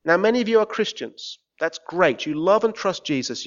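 Male English preacher, very animated, ranting then pleading, muffled church recording. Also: fairly high pitch, moderate pace, few pauses. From England. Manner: swings from shouting rants to quiet pleading. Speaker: visiting preacher. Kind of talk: sermon.

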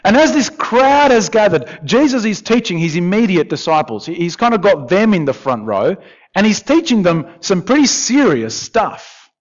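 A man preaching a sermon in a conversational, animated way, with asides to the congregation. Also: high-pitched, moderate pace. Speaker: pastor. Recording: dull, lo-fi sound.

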